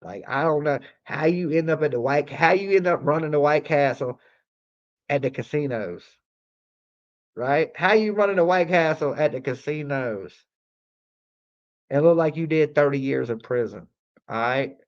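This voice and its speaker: Speaking at a moderate pace with long pauses, a livestream host with a fairly high voice rambles through a casual, foul-mouthed late-night story, repeating himself and leaning on "like." The audio has its highs cut off.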